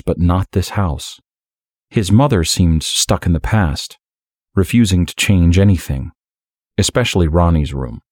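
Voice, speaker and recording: A man narrating an audiobook story in a steady, measured way. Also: sits low, dry recording, clean studio sound.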